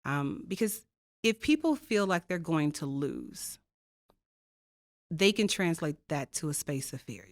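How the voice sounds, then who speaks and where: Earnest low-voiced woman, dry close sound. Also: animated, measured pace, no room sound. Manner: earnest, emphatic, uses rhetorical questions. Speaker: diversity co-chair and faculty guest. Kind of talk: reflective conversational storytelling.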